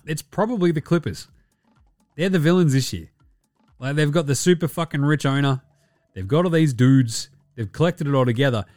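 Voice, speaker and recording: A man's voice: a little high, dry recording, clean studio sound. An Australian man hosting a basketball podcast, in casual, profane and rambling commentary. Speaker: podcast host.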